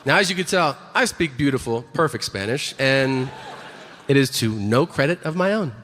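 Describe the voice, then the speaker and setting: A man doing stand-up on a theater stage, telling his bits in a dry, conversational way and flipping into quick voices for other people. His voice sits at an ordinary pitch and carries into a long-reverb hall. There is a light background hiss. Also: lively intonation, a bit bright. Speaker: stand-up comedian. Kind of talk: stand-up comedy set. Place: theater stage before an audience.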